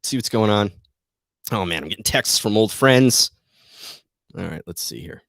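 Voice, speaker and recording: A man's voice: on the low side, lively intonation, normal speed, gravelly, a bit bright, no room sound, clean studio sound. A man hosting a trading show, giving rambling, self-deprecating market commentary that keeps turning into a rant.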